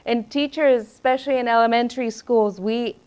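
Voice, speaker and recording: A middle-aged woman educator speaking to a room of teachers in a slightly higher voice. She tells classroom anecdotes with lively energy, acting out the people she quotes. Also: a little fast, clean tone. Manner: lively storyteller who acts out quoted voices. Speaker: educator presenting at a teacher training. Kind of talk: presentation to teachers.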